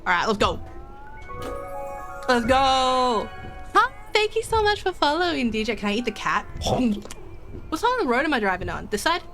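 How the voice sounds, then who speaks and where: A woman's voice: sits high, big pitch swings, moderate pace, long pauses, a bit bright, soft background music. A young woman streamer chatting casually with her viewers while playing a game, giggling and joking. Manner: chatty, giggly, talks to chat. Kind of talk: casual gaming commentary.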